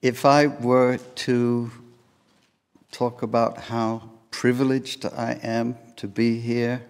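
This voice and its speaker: Older man, very slow deliberate delivery, distant from the mic, long hall reverb. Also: mid-range voice, little pitch movement, a little mellow, smooth. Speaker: guest lecturer. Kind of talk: opening of a lecture. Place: lecture hall podium.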